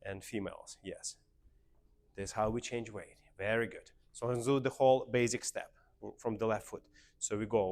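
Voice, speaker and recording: A man's voice: fairly low pitch, normal speed, darkish tone. A man with a Russian accent teaching a beginner dance class, counting steps aloud and coaching the group. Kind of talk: dance lesson instruction.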